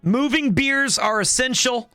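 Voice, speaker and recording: A man in his thirties chatting casually on a live stream, animated and rambling with lots of restarts. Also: extremely high pitch, a little slow, clean tone, dry recording, soft background music. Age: 30s.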